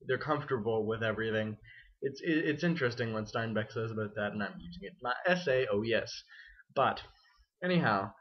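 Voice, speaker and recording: Young guy student vlogging, wry and self-mocking, rambles a bit, kinda dull lo-fi audio. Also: mid-range voice. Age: young adult. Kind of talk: casual vlog monologue.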